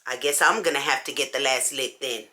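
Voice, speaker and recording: A woman's voice: very deep voice, a little fast. A woman vlogger telling a story in casual slang while she does her makeup, acting out each person's lines. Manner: animated, acts out everyone's lines in the story; casual slangy talk with many "like"s. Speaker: beauty vlogger.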